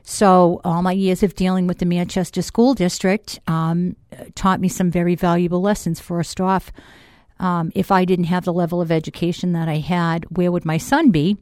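A woman's voice: lowish voice, fairly even intonation, moderate pace, a little mellow, dry recording, clean studio sound. A middle-aged woman from Boston with a Boston accent, talking chattily as a guest on a radio interview show. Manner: chatty, self-deprecating, laughs easily. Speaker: school board candidate guest. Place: radio studio.

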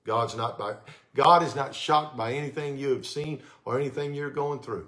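A male pastor preaching a sermon with fervent energy that sometimes drops to soft, intimate tones, speaking on a microphone in a church sanctuary. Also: medium pitch, a little slow. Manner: fervent, rising to excited shouts then dropping to soft, intimate tones.

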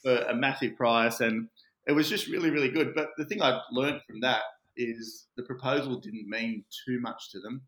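A man who is a real estate agent appears as a podcast guest, animatedly telling stories and acting out what people said in a casual interview. His voice is mid-range at a moderate pace. The recording sounds roomy and echoey.

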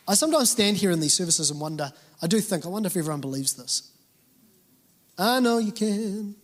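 A man preaching a sermon in a church, earnest and emphatic with conversational asides. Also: fairly high pitch. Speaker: pastor. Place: church auditorium. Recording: reverberant hall with faint music.

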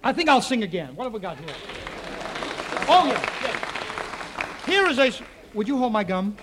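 A high, bright-toned man works a live audience through a rapid comic monologue, tossing asides to the crowd. The sound is an old radio recording with a faint hiss underneath. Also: big pitch swings. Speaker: comedian and radio show host. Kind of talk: stage comedy monologue before a live audience. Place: theater studio with live audience.

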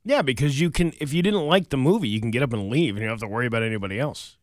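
A man on morning radio jokes with his co-host and later reads the local news. His pitch swings widely as he talks, up and down within a sentence. He sits close to a dry studio mic with no room sound. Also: rapid-fire, no room sound. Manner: animated, joking, then reads news. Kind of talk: casual banter and news reading. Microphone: studio microphone.

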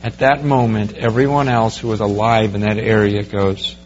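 A man preaching a sermon verse by verse, growing animated as he pictures the scene for his listeners. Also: fairly low pitch, normal speed, highs cut off, a little hiss or hum. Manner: animated, rising to excited storytelling. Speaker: pastor.

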